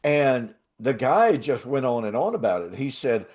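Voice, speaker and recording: An older man hosting a talk show, telling a travel story in a casual, animated way and laughing often. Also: medium pitch, moderate pace, few pauses. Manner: animated, laughs often, acts out quoted voices. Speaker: show host.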